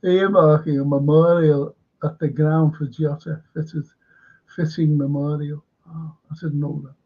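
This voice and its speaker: A man's voice: a little high, flat delivery, a little slow, narrow, tinny audio. A man hosting a live fan stream, chatting casually in a rambling way and reading viewer comments aloud. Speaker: fan channel host.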